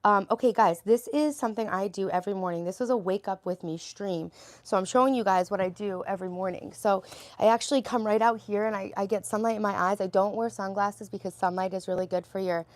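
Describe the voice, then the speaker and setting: A woman's voice: medium pitch, fairly quick. A middle-aged woman livestreaming from home, chatting casually and answering viewer comments as she goes. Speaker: livestreaming vlogger mom. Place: at home, cluttered room.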